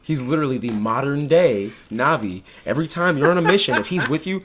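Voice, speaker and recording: A man co-hosting a podcast in casual chat, with animated, jokey reactions. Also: medium pitch, fairly quick, hardly any pauses, breathy edge. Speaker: podcast co-host.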